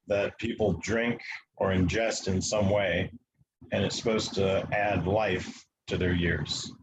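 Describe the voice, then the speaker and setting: A man from the United States, a guest in an interview, tells a long story in a matter-of-fact way, halting often with fillers. His voice is low, with background noise behind it.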